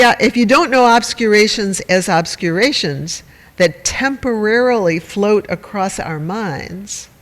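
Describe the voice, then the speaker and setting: A man with a high voice gives a meditation talk in a wry, chatty way, joking at his own expense and turning to his listeners. His voice carries a long reverb from the hall. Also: fairly bright tone. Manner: conversational, wry and self-mocking, with audience asides. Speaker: meditation teacher. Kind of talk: dharma talk to a group.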